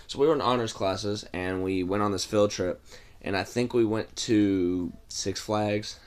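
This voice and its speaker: A young man tells a storytime in a loose, rambling way, full of fillers and offhand swearing. His voice sits on the low side. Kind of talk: casual storytime vlog.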